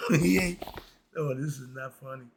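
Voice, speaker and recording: Host, male, gravelly voice, slangy laid-back chuckling reader, faint hiss behind. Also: medium pitch, measured pace. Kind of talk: casual commentary reading principles aloud.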